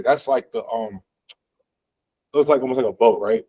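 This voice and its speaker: A man's voice: mid-range voice, measured pace, pauses often, dark tone, breathy edge, rough recording. A man teaching a college physics class, talking casually with lots of fillers and quizzing students as he goes. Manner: conversational, lots of fillers, asks the class questions. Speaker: physics instructor. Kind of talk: classroom lecture. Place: classroom, also streamed online.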